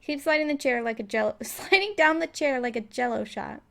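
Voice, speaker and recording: A let's player with a slightly high, creaky, bright voice and a forceful tone speaks at a moderate pace. She gives playful, casual commentary as she plays a game, reading its text aloud and laughing often.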